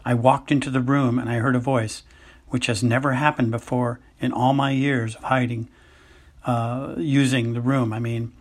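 A man reading aloud as an eccentric older woman seer, hesitant and halting, with a husky voice. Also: mid-range voice, little pitch movement, natural voice. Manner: hesitant, halting with ums and uhs. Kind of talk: amateur audiobook reading.

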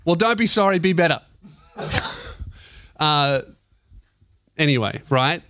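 High, bright Australian comedian host. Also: male voice, animated, takes it slowly, dry recording. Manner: loud, joking, swears freely, teasing. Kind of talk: crude comedic podcast banter. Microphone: studio microphone.

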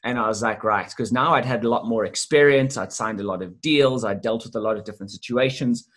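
A man as an interview guest, telling a sales story in a lively, animated way with casual swearing. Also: medium pitch, fast, slight background noise. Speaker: guest, sales business owner.

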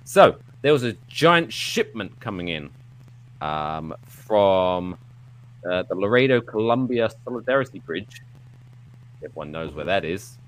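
Animated low-voiced man telling a story. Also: unhurried. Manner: animated, rambling, playful sound effects. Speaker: podcast host. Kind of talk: casual storytelling, live podcast. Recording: live show with audience.

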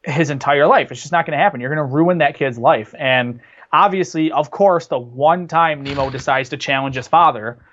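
A man's voice: fairly high pitch, moderate pace, a bit bright, dull audio, a little hiss or hum. A man co-hosting a casual movie discussion, talking enthusiastically and rambling with restarts. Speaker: podcast co-host.

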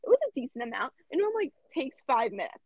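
A teenage girl co-hosting a podcast, telling an animated work story and swearing freely. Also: high voice, quick pace, slightly rough, no echo, narrow, tinny audio. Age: teens. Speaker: podcast co-host. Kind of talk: casual chat.

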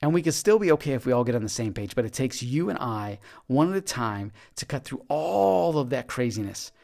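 A man's voice: mid-range voice, sing-song, brisk, vocal fry, a little mellow. A man hosting a podcast, giving an earnest, encouraging motivational monologue and often repeating his words. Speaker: podcast host.

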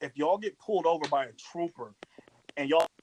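A man's voice: fairly high pitch, a little fast, a little mellow, a little hiss or hum, poor audio. A man from Virginia, a podcast co-host, joking and swearing in casual chat.

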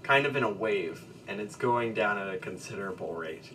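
Low-voiced man running a tabletop game. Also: moderate pace. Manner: relaxed, hesitant narration with fillers and laughs. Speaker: game master. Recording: distant mic with faint background noise.

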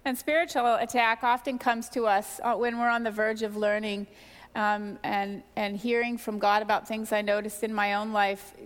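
A middle-aged woman sharing a candid, animated personal testimony from the pulpit. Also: medium pitch. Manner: candid, animated storytelling with self-deprecating asides. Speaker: pastor's wife sharing testimony. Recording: reverberant church hall.

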